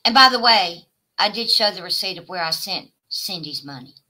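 Sharp-voiced woman ranting profanely. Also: fairly low pitch, lively intonation, normal speed, low-quality recording. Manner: profane, taunting, swings between shouting and muttering. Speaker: live streamer. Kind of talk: confrontational livestream rant.

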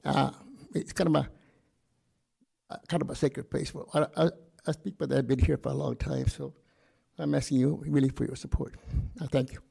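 A man in his eighties giving a halting, earnest and emotional public comment at a city planning meeting. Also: medium pitch, little pitch movement, vocal fry, mellow, breathy edge. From California. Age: 80s. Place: council chamber.

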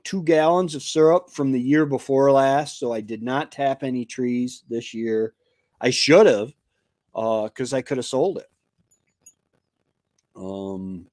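A man hosting a homesteading livestream, chatting casually and haltingly with many fillers and restarts, and poking fun at himself. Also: mid-range voice, no room sound, clean studio sound. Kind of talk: casual rambling chat.

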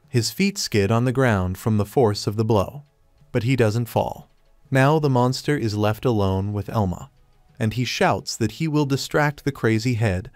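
A man's voice: medium pitch, a little mellow, no room sound. Man narrating a story recap, dry.

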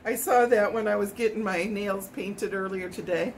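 A woman's voice: medium pitch, steady tone, moderate pace, a little hiss or hum, rough recording. A middle-aged woman from Hawaii cooking in her home kitchen, chatting in a rambling way as she tastes and snacks. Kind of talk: casual cooking chat.

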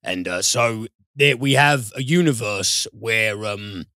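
A man's voice: fairly low pitch, takes it slowly, bright, forceful tone, no echo, clean studio sound. A British man reviewing films on a podcast in casual chat, enthusiastic and swearing freely. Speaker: film reviewer.

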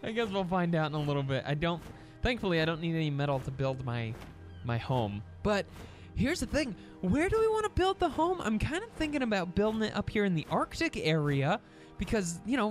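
Male gaming host, mid-pitched, lively and expressive, chatty with excitable yelps, soft music under his home-recorded commentary. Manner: chatty, animated, prone to excited yelps and stammered restarts. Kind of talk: casual gameplay commentary.

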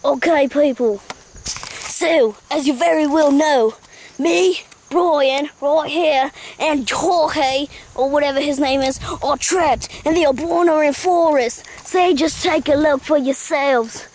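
A woman's voice: high voice, slow pace, darkish tone, slight background noise. A woman hosting a joking comedy vlog outdoors in the woods, playful and teasing, swearing casually. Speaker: vlog host.

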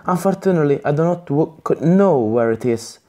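A man reading the lines of a spirited young female adventurer in a gamebook, in a plain, slightly halting way. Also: fairly high pitch, expressive, mellow, pitched above the performer's own voice, lightly acted. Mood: eager.

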